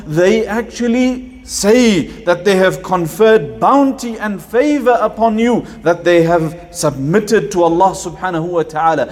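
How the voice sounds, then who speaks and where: High-voiced male preacher giving a sermon. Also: a little slow, hardly any pauses.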